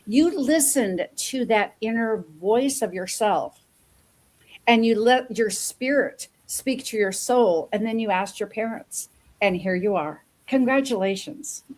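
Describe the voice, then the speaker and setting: A woman's voice: fairly high pitch, a little slow, darkish tone. A woman hosting an interview show, talking in an effusive, rambling way and often repeating words as she goes. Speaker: show host. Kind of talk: enthusiastic interview chat.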